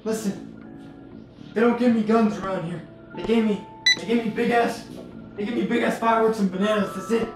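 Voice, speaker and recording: Brash, high-voiced gamer man. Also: fairly even intonation, moderate pace, long pauses, heavy reverb, faint music behind, rough recording. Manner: brash, loud, trash-talking. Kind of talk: comedic VR let's play.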